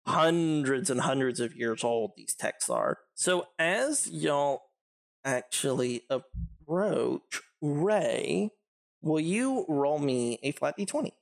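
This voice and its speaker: A man's voice: a little high, expressive, slow pace, gravelly. A man narrating a tabletop game as game master, rambling with many fillers and laughing easily.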